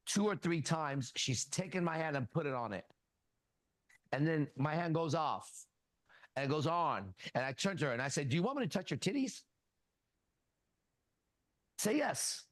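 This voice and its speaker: A man with a fairly high voice hosts a casual talk, giving blunt, profane advice to a younger guy. He slips into animated stories and acts out the dialogue. The sound is dry and close. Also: no room sound. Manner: animated anecdotes with quoted dialogue. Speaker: host.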